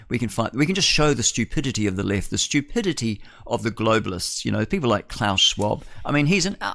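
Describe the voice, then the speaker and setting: An older man with a New Zealand accent, hosting a talk radio show in a blunt, rambling monologue full of restarts. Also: lowish voice. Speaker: radio host.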